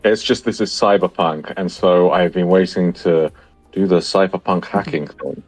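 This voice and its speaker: A man playing in a tabletop game, describing his character's actions in a slow, theatrical way. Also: sits low, no echo, faint music behind. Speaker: player. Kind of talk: tabletop role-play.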